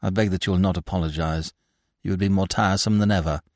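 A man's voice: low-pitched, fairly even intonation, quick pace, a little mellow, dry recording. A man voicing a sardonic young lawyer who answers with dry, mocking sarcasm, in a storybook reading.

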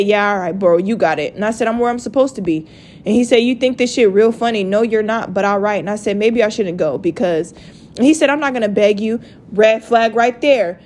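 A young woman telling a story to her viewers in a casual rant, profane and animated. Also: a little high, a little hiss or hum. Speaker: vlogger.

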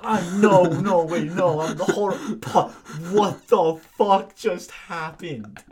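A man's voice: sits high, slow, darkish tone, husky. A young man co-hosting a casual podcast, reading fan fiction aloud and reacting with exasperated swearing. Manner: exasperated, swearing and laughing at the text. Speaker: podcast co-host.

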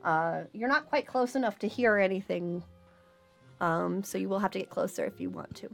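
A woman runs a tabletop game, narrating scenes in a hesitant way and pausing often on fillers. Her voice sits at a middle pitch for a woman. Faint background music plays under her narration. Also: sing-song, vocal fry. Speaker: game master.

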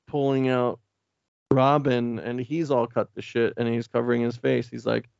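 A man's voice: medium pitch, level tone, moderate pace, vocal fry, darkish tone, no echo, muffled recording. A man co-hosting a podcast, rambling and swearing as he recaps a comic and acts out the characters' lines. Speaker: podcast co-host. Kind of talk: casual chat recapping a comic.

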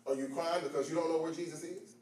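Guy preaching hard, goes quiet then shouts, big echoey church, mic far off. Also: a little high, steady tone, fast. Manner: impassioned call-and-response preaching, swinging from hushed to shouting. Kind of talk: sermon.

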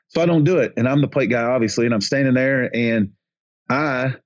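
A man's voice: mid-range voice, fairly quick. A man in the middle of his range spins a long umpiring story on a podcast, circling back and restarting his sentences. He acts out chants and quoted lines as he goes. The audio sounds a little muffled and lo-fi. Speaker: baseball umpire.

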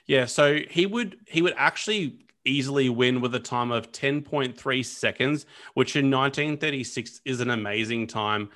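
Male podcast co-host, bright tone, mid pitch, casual and rambling. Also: moderate pace, few pauses. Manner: chatty, lots of fillers and restarts. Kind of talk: casual history podcast chat.

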